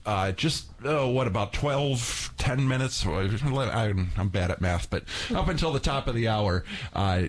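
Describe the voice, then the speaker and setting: Male radio host, lowish voice, easy conversational pledge-drive appeal. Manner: relaxed, conversational appeals to listeners.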